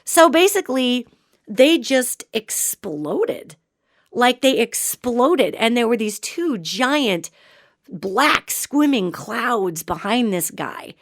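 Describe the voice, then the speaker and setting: A woman hosting a podcast, telling a story in an animated, colloquial way with joking asides. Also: fairly high pitch, slow pace, no echo, studio quality. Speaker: podcast host. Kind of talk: storytelling, casual talk.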